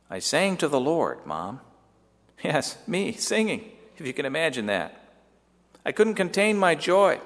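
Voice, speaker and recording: A man's voice: on the high side, fairly bright tone, full character voice. A man playing Joseph, an earnest young man telling his mother a heartfelt story in a dramatic monologue. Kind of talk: dramatic first-person monologue. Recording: long echoey hall reverb.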